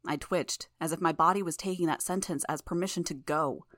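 A woman narrating a fan audiobook in the first person with a measured, even reading. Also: deep voice, no room sound, studio quality.

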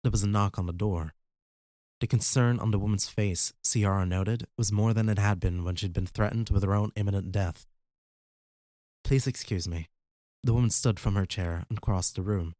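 Guy reading a fan audiobook, low and steady, dry sound, no room. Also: fairly quick, dry recording. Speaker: audiobook narrator. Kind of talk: scripted narration.

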